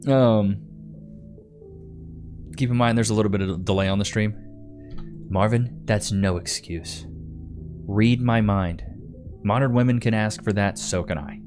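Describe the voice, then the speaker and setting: A young man with a lowish voice hosts a casual live stream, reading comments and joking with his viewers in a teasing, playful way. Soft music plays faintly behind him. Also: fairly even intonation, unhurried, pauses often. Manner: playful, teasing banter with chat. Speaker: livestream host.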